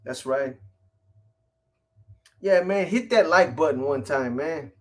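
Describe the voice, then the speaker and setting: Slangy man shouting out live viewers. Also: fairly high pitch, takes it slowly. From California. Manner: rambling, shouting out viewers by name; profane, street slang. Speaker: live stream host. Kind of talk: casual live-stream chat.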